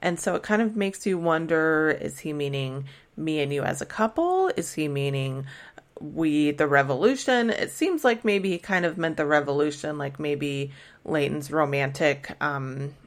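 A woman's voice: low voice, animated, moderate pace. A woman hosting a podcast, recapping a TV episode in a casual, chatty way with many fillers and restarts. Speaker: podcast host recapping a TV show.

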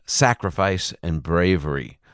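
Really deep voiced american guy explaining stuff on a radio show, dry studio mic. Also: expressive, measured pace, a bit bright, clear, resonant tone, no echo. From United States. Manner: thoughtful, explanatory. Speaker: Bible teacher guest. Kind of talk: radio interview.

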